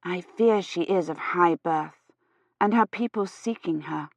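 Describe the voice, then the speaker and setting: A woman reading aloud, voicing a careful, gentle medieval noblewoman who speaks softly. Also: lowish voice, measured pace, no echo. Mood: worried. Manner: soft-spoken and careful. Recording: slightly dull, dry audio.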